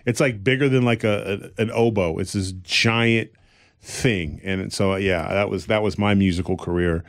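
A man's voice: lowish voice, fairly even intonation, normal speed. A male comedian telling stories in casual podcast chat, rambling a little and acting out the people he quotes. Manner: rambling, with restarts and fillers.

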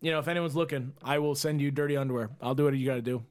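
A man's voice: mid-range voice, steady tone, rapid-fire. A young man hosting a podcast in casual chat, brash and joking, laughing often. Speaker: podcast host.

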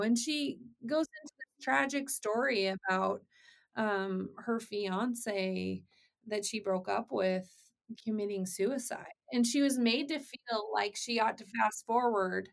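A woman's voice: a little high, takes it slowly, gravelly. A woman in her forties hosting a podcast, telling stories earnestly and asking questions. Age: 40s. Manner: earnest storytelling, quoting others. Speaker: podcast host. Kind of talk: conversational interview.

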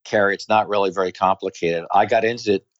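Low-voiced New York pastor, lo-fi line. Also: male voice, fairly even intonation, fast. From New York, USA. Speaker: pastor and author, guest. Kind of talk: interview answers.

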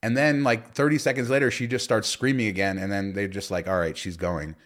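A man's voice: medium pitch, brisk. A man co-hosting a casual podcast chat, telling stories with many fillers and restarts. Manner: rambling storyteller with many fillers. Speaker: podcast co-host.

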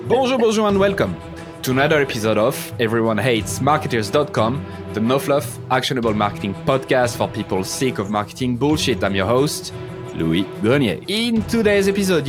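A podcast host with a French accent introduces his guest in an upbeat, wry way and drops the odd swear word. Music plays clearly underneath. His voice is at a middle pitch. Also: animated, moderate pace. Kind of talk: podcast interview.

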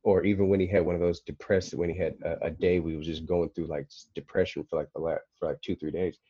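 A man's voice: low voice, little pitch movement, fast, warm tone, husky, no echo, muffled recording. A man talking as a podcast guest in casual conversation, rambling with many fillers and restarts.

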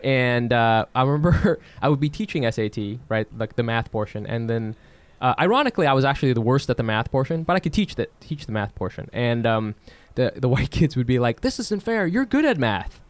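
A man co-hosting a casual podcast chat, animated, with many restarts and "you know"s. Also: mid-range voice, a little fast, few pauses, smooth.

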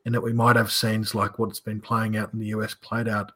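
A man's voice: lowish voice, monotone, a little fast, pushed and bright, slightly rough. Male podcast host asking questions. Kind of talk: interview questions.

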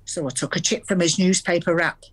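A woman speaks at a fairly low pitch, close to an everyday voice. She's an actress playing an older grandmother from Salford, England, warm and chatty but living with dementia, who tells earthy stories from the past in a Salford accent and laughs readily.

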